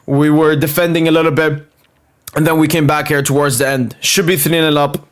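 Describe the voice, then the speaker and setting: A young man hosting a live football watchalong, reacting loudly and swearing at the match. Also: on the high side, fairly quick. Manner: excitable, swears and shouts at the screen.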